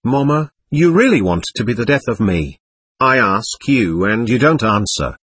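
A man's voice: mid-range voice, sing-song, moderate pace, fairly bright tone, husky, dry recording, clean studio sound. A man reading the lines of a petulant, demanding teenage girl who complains insistently.

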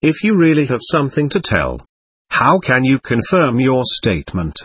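A man's voice: medium pitch, very animated, normal speed, fairly bright tone, slightly rough. A man doing a stern court president. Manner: formal and reproving.

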